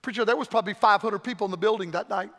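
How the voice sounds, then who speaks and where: A man preaching an impassioned revival sermon, swinging from shouted pleas to low, hushed warnings. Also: rapid-fire, long reverb tail.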